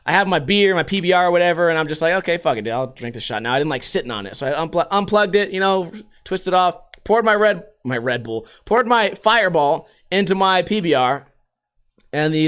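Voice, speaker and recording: A man in his thirties rambles through a casual comedic monologue, crude and quick to laugh. His voice sits high and sounds bright and forceful. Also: lively intonation, clear, resonant tone. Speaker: podcast host.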